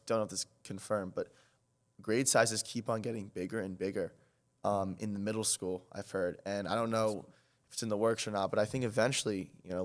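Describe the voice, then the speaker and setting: A teenage boy chats on a school podcast, circling his points with "like" and "um" and frequent restarts. His voice sits on the lower side, relaxed and conversational. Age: teens. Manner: rambling, lots of fillers and restarts. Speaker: student podcast co-host. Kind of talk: casual chat. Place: town hall studio.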